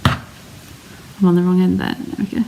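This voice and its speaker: Chatty and step-by-step, this English woman runs a live card-making demonstration, narrating each step while reading live comments. She speaks unhurriedly in a lowish, flat voice with vocal fry, and faint background noise is audible.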